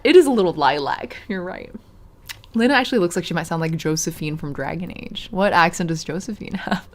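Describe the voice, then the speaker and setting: A woman's voice: mid-range voice, sing-song, normal speed. A woman streamer chatting with her viewers, giggling often and reading visual novel prose aloud with a dramatic lilt. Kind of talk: casual let's-play chat, reading a visual novel aloud.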